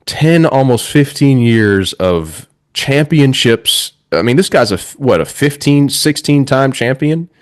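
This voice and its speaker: A man's voice: medium pitch, expressive, unhurried, hardly any pauses, no echo, clean studio sound. A man hosting a podcast, sarcastically reviewing wrestling in casual chat and laughing often. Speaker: podcast host.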